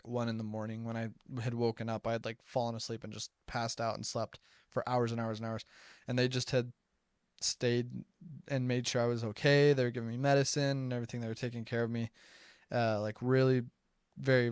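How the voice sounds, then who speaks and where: Young american guy rambling thru a story, smooth clear voice, dry close mic. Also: mid-range voice, level tone, a little fast, no room sound. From United States. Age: young adult. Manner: chatty, filler-heavy, says "like" often. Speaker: podcast host telling mission stories. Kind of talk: casual storytelling. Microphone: close podcast microphone.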